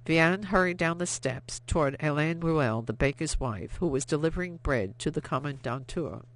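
An audiobook narrator reading a novel aloud in steady, expressive scripted narration. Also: medium pitch, normal speed.

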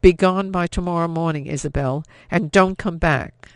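A man voicing a frightened young French woman whose anxious, sharp speech rises to fury. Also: a little high, very animated, measured pace, creaky, no room sound, exaggerated voice. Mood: furious.

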